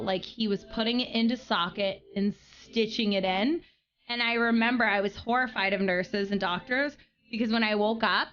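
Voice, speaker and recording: Animated woman telling a story, high voice. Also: muffled recording. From Pennsylvania, US. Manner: animated, filler-heavy with frequent "like". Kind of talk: casual storytelling.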